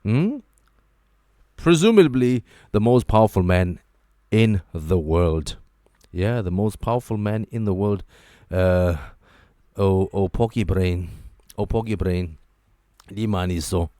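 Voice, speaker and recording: A man hosting a talk show, giving joking, animated commentary and repeating his phrases for emphasis. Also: deep voice, takes it slowly, no room sound, clean studio sound. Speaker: host. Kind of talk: casual commentary monologue.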